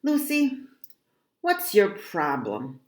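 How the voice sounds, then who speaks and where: A dismissive young boy, as a woman reading a storybook puts him on mutters his words flatly and unimpressed. His voice has a lively lilt and sits in a roomy, echoey room. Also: medium pitch, unhurried. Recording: roomy echo.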